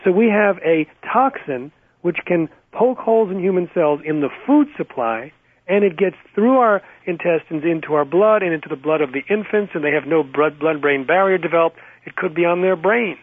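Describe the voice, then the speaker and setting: A man's voice: a little high, animated, no room sound. Man arguing insistently over a phone line. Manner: rapid, insistent, fact-heavy. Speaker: guest activist. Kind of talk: radio interview.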